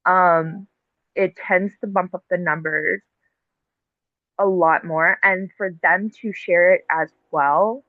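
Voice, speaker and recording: A woman guest explaining how she runs her live streams, in a casual, halting way with lots of fillers. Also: on the low side, steady tone, no echo. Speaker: podcast guest, TikTok live host. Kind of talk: casual conversational interview. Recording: tinny phone-like line.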